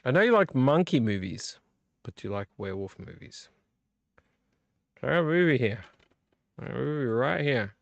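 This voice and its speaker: A man's voice: mid-range voice, sing-song, normal speed, gravelly, long pauses, dry recording, dull audio. Tipsy man rambling on a late stream. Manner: rambling, teasing a viewer by name. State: tipsy from drinking. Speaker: vlog host. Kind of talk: late-night live stream chat.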